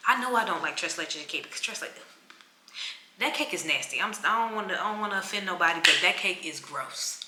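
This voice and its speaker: A young woman tells an animated, casual vlog story and acts out the people she quotes. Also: fairly low pitch, fairly quick, reverberant, noisy background. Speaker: travel vlogger.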